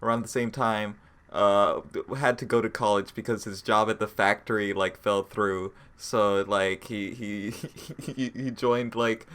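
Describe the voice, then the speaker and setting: A man co-hosting a podcast in casual chat, explaining a cartoon plot with dry jokes and halting restarts. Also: lowish voice, steady tone, a bit bright, clean tone. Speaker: podcast co-host.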